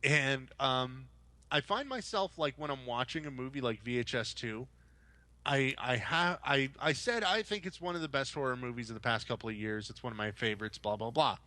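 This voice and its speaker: Podcast co-host, young adult man, bright dry voice, rambling chatty delivery. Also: medium pitch, moderate pace, dry recording. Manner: rambling, animated storytelling with mock-quoted voices. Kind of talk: casual chat.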